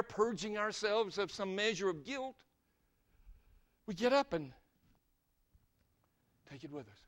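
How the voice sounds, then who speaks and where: An older man from Ohio preaching a sermon as an evangelist. He is dramatic, asks one rhetorical question after another, and swings from loud emphasis to soft, low asides.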